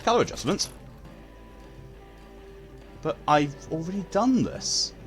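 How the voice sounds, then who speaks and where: A man's voice: a little high, big pitch swings, slow, soft background music. Sweary, chatty male game streamer. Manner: blunt and sweary, chatting with viewers while playing. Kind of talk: casual live-stream chat.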